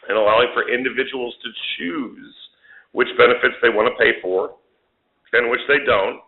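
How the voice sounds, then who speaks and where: Male politician fielding callers over a tinny phone line; argumentative, restarts often. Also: medium pitch. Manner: policy-heavy, many restarts and stressed points. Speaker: congressman hosting a telephone town hall. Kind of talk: answering callers' questions.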